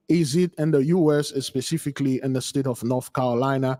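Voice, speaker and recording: Hosting a livestream commentary, this man speaks with a slightly mellow voice on the high side. He preaches emphatically and circles back to the same points, all heard through long reverb.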